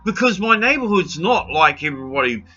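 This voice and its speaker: A man's voice: on the high side, very animated, brisk, sharp tone, muffled recording. A New Zealand man in an impassioned rant to camera, blunt and pleading, raising his voice and swearing freely. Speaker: video blogger.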